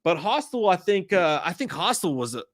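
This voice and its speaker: A man co-hosting a casual movie chat, rambling in a crude, animated way. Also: high-pitched, moderate pace, dry recording, clean studio sound. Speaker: podcast co-host. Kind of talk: profane casual movie rant.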